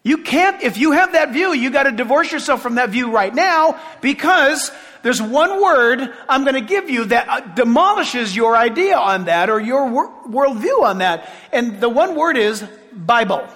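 A man preaching a sermon with passion, shouting at points and making sarcastic asides. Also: very high voice, expressive, moderate pace, big-room sound.

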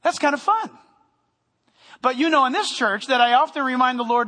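High bright-voiced pastor preaching in a hall. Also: male voice, normal speed, long pauses. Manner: animated preaching with humor, sometimes loud. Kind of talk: sermon. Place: church sanctuary.

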